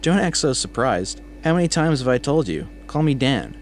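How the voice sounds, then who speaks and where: A man's voice: mid-range voice, sing-song, normal speed, a little hiss or hum, pitched above the performer's own voice. A man doing a joking coworker with an Austrian accent. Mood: teasing. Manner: teasing, winking, chatty.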